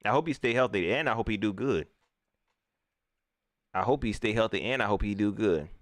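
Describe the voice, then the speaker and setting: A man riffs through a joking livestream about his football team. His pitch leaps around in a lively, animated way, and the sound is dry and close. He speaks in a loose, slangy, casual style. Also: normal speed, no room sound. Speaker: sports vlogger.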